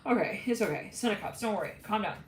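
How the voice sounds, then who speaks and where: A woman's voice: medium pitch, lively intonation, fast talker. Woman doing a live tarot reading, rambly and giggly, echoey room, hissy background. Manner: rambling, giggly, channeling messages. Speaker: tarot reader.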